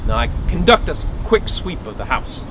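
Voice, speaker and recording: A man's voice: fairly high pitch, sing-song, normal speed. A man playing a wry, dogged 1850s marshal, telling his story as a first-person dramatic monologue with grumbling asides. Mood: tense, wry. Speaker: historical reenactor. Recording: outdoor recording with traffic noise.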